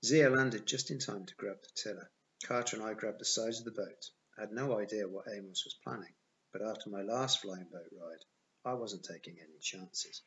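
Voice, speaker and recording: Casting: a man reading a novel aloud, plain first-person narration, lower voice, dull lo-fi sound. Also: normal speed, a bit bright, slight background noise. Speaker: audiobook reader.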